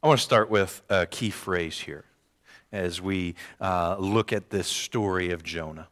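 A man's voice: low-pitched, expressive, a little slow, fairly bright tone. A man preaching a sermon, reading scripture aloud and repeating key phrases for emphasis. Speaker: pastor. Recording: long hall reverb.

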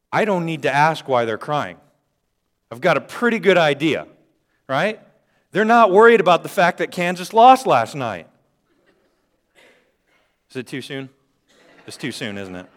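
A man preaching a sermon, shifting between quiet and loud passages and joking with the congregation. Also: on the high side. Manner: dynamic, swings from quiet to loud. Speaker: pastor.

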